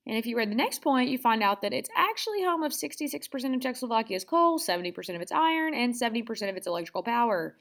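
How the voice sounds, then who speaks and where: A woman's voice: on the high side, sing-song, racing, hardly any pauses, fairly bright tone. A woman teaching a history lesson in a chatty, casual way, full of sarcastic asides. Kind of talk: casual classroom lecture.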